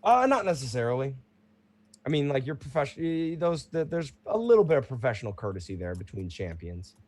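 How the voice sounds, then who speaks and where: A man narrating as game master of a tabletop role-playing game, in a relaxed way. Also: mid-range voice, a little fast.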